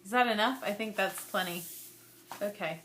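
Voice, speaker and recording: A woman's voice: mid-range voice, moderate pace, a bit bright, a little hiss or hum. Chatty rambling woman vlogger. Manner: chatty, rambling, laughs often. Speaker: scrapbooking vlogger. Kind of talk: casual chat to camera.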